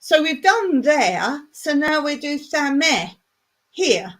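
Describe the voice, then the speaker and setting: A woman's voice: sits high, sing-song, slow pace. A woman hosting a casual home livestream, chatting and patiently explaining things while repeating words. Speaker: livestream host. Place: home in rural Cyprus.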